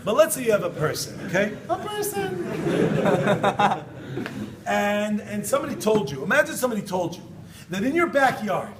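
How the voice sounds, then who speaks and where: A male rabbi speaking in a high, lively voice, joking and repeating key phrases to drive them home. He sounds distant from the mic, his voice bouncing around an echoey room over clear background noise. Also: quick pace. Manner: animated, jokey, repeats phrases for emphasis. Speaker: rabbi teaching students. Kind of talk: informal Torah talk.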